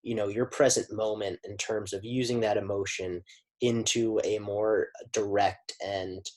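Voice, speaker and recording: A man with a fairly low voice hosts a podcast conversation. He responds in a measured, affirming way and fills his sentences with "you know". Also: fairly even intonation, darkish tone. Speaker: podcast host. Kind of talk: casual interview conversation.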